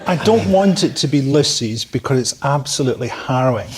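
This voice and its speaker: A man's voice: medium pitch, expressive, brisk. A man on a comedy panel show, speaking in an exasperated, incredulous way. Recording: studio audience laughter, noisy.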